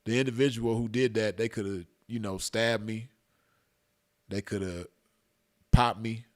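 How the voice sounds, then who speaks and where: A man's voice: lowish voice, steady tone, unhurried. A man casually telling a personal story to his viewers, slangy and cursing freely, laughing at his own tale. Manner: laid-back, slangy, cursing, breaks into laughter.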